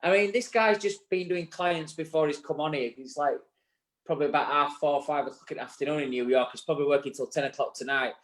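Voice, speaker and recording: A man's voice: fairly high pitch, fast talker. A man with a Yorkshire accent co-hosting a live show, talking in an earnest, rambling way and swearing now and then. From England. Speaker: co-host. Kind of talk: casual live show chat. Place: bar set.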